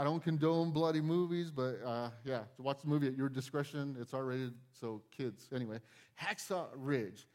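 Man, pastor, conversational sermon, lively voice that swings up and down, acts out little scenes. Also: a little high. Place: church.

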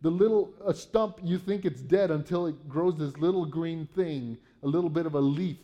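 On a muffled recording, a man with a fairly high, dark-toned voice preaches at normal speed. He reads Bible verses aloud, explains them conversationally in paraphrase, and keeps asking "right?".

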